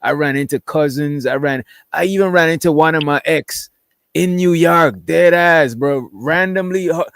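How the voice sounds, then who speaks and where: A man's voice: on the high side, normal speed, gravelly, a bit bright, smooth, no echo, clean studio sound. A man from Guyana co-hosting a podcast, telling stories in a laid-back, slangy, rambling way. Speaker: podcast co-host. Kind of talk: casual chat.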